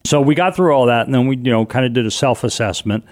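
A man's voice: medium pitch, fast. A man recounting what he witnessed, telling it as a vivid first-person story and repeating phrases for emphasis. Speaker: guest recounting a disaster. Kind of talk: first-person eyewitness account.

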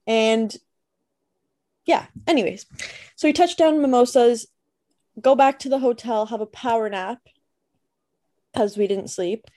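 A woman's voice: fairly high pitch, unhurried, pauses often, mellow. A young woman podcast co-host from Canada, chatting casually and telling a story with lots of fillers. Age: young adult.

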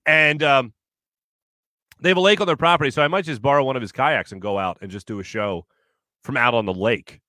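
A man's voice: medium pitch, a little fast, sharp tone, no room sound, studio quality. A man hosting a casual sports talk show, chatty and rambling, reading out listener comments with many fillers. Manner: reads listener comments aloud. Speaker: sports radio host.

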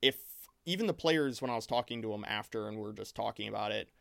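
A man's voice: fairly low pitch, fast, creaky, no room sound, clean studio sound. Rambling man retelling a game session. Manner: rambling, animated storytelling with many restarts. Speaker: game master. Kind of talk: casual chat.

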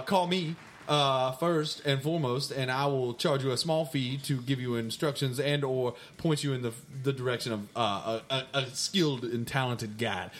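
A man's voice: fairly high pitch, a bit bright. A man playing a brash mailbag persona, answering fan questions in a rambling, mock-indignant way on a comedy podcast. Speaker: podcast co-host. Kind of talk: comic mailbag segment.

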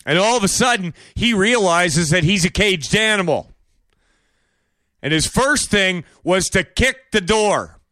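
A man's voice: high voice, no echo, clean studio sound. A man hosting a monologue show, giving opinionated commentary with sarcastic, mocking rhetorical questions. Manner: bursts into exaggerated shouted impressions. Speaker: podcast host.

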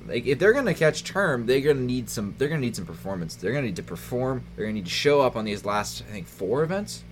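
Dude doing fantasy league updates, easygoing, laughs a lot, bit of noise in the background. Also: male voice, mid-range voice, very animated, fast. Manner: chatty, laughs easily, runs down standings. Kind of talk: casual podcast chat.

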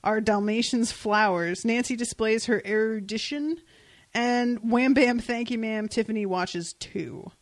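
A woman co-hosting a casual podcast chat about comics, animated and laughing often as she retells scenes. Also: a little high, measured pace. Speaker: podcast co-host.

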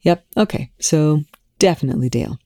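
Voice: animated, a little fast, warm tone, dry recording, clean studio sound, natural voice. A reader doing a flustered, incredulous male scientist. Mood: exasperated. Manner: flustered, pitched up, disbelieving. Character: exasperated, incredulous male astrophysicist. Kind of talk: audiobook-style fan fiction reading.

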